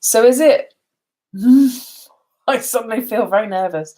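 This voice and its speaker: A woman's voice: fairly high pitch, slow, dark tone. A tired woman chatting casually on a live stream, rambling and laughing often. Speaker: beauty vlogger.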